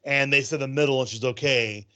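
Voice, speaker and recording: A California man co-hosts a laid-back podcast about theme park news, speaking a little fast in a mid-range voice with a sharp edge. He rambles from story to story and fills the gaps with lots of ums.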